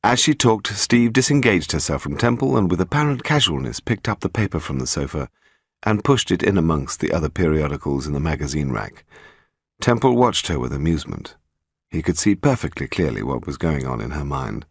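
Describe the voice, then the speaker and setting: A man reading a detective novel aloud, measured and expressive. His voice is very deep and slightly husky, with a lively rise and fall, and the recording sounds dry and close. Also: dry recording. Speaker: audiobook narrator. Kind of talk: scripted narration.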